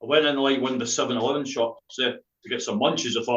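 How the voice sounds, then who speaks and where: A man's voice: mid-range voice, fairly even intonation, quick pace, a bit bright, reverberant, highs cut off. A Scottish man with a Dundee accent, a spoken word poet telling a rambling, laughing story full of swearing and local slang. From Scotland.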